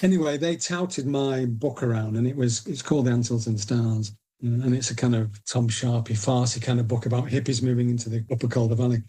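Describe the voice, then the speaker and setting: A middle-aged man with a Northern English accent, chatting as a guest on a podcast. He tells long, self-mocking anecdotes in a warm, mellow voice. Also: mid-range voice, fairly even intonation, fairly quick, few pauses, breathy edge. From Northern England. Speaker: guest, indie publisher. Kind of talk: casual storytelling interview.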